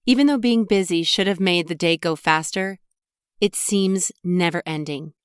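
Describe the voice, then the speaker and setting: A woman narrating a young adult audiobook in the first person, in an even, conversational storytelling manner. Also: fairly low pitch, normal speed, clean tone, dry recording, studio quality.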